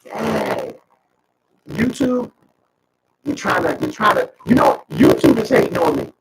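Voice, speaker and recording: A man talking casually as a guest through a robot voice filter, slangy and animated, quoting himself in asides. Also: high-pitched, a little slow, vocal fry, distant mic, very noisy. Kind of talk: casual livestream chat.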